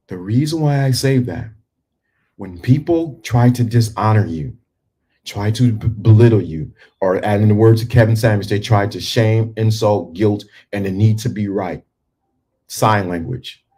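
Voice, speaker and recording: A man giving a motivational talk to men, speaking emphatically and dropping to a hushed, calm tone for effect. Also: on the low side, slightly rough.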